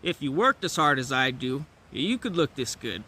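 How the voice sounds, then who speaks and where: Plump pampered house dog, offhand and content, a little lower and softer, as a man telling a fable puts him on. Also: very animated, normal speed, husky, heavily acted. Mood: smug. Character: plump, well-fed male house dog, complacent.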